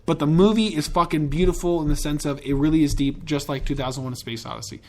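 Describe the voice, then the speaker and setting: A man's voice: fairly high pitch, fast talker. A man hosting a podcast in a casual, rambling and profane way, with enthusiastic tangents. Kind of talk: casual chat.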